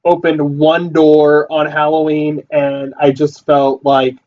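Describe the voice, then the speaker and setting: An excitable man chatting casually on a livestream, his voice pitched a little high. He rambles, backtracks and leans on fillers as he talks. The sound is dull and lo-fi, as if caught on a phone in a basement. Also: slow. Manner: rambling, repeats himself with many fillers. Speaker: livestream host. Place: house basement. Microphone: phone or computer mic.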